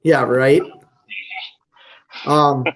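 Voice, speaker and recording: A man trucker chatting casually on a live stream from a hotel room, talking in slow, halting phrases with frequent restarts. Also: mid-range voice, steady tone, a bit bright. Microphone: phone on hotel wifi.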